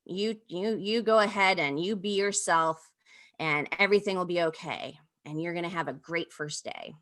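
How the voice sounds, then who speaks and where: A tender mother reassures her small daughter in a calm, steady voice, as a woman puts her on. The tone is low-set and bright, and the words are coaxing and encouraging. The sound comes through a video-call mic. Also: moderate pace, close to an everyday voice. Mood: reassuring. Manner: soothing, encouraging.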